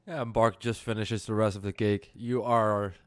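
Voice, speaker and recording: A man with a non-native English accent runs a tabletop game, his voice smooth and resonant. He narrates haltingly with plenty of fillers and laughs along the way. The sound is close and dry. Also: fairly low pitch, little pitch movement, dry recording. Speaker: game master.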